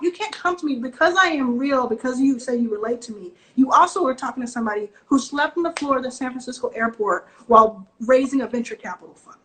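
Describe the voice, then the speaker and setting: A woman from the Southern US with a Southern accent, an investor giving direct, animated advice on a video call and acting out quotes from people. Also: sits high, quick pace, hardly any pauses, slight background noise, rough recording. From Southern US (Texas and Mississippi). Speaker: venture capital investor, guest. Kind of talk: casual video-call interview.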